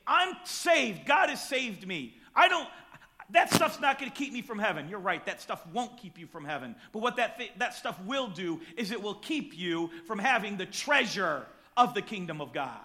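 A man preaching a sermon, moving between quiet, close talk and sudden loud, emphatic shouts. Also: sits high, sing-song, normal speed.

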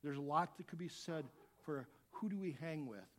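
Animated preacher man, fairly high voice. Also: moderate pace, a little hiss or hum. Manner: animated, swings from quiet asides to loud shouts. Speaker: pastor. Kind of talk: sermon.

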